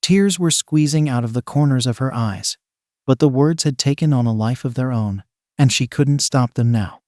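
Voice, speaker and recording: A man reads a fan fiction story aloud as narrator, in a plain and even storytelling voice. His pitch sits in the middle of the male range. The sound is dry and close to the mic. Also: normal speed, dry recording.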